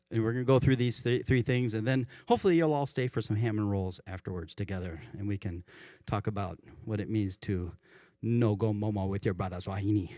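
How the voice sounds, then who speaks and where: A worship pastor giving a conversational church sermon, often correcting himself mid-sentence. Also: male voice, medium pitch, a little mellow, no echo, clean studio sound. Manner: conversational, self-correcting, chuckles at his own examples. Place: church sanctuary.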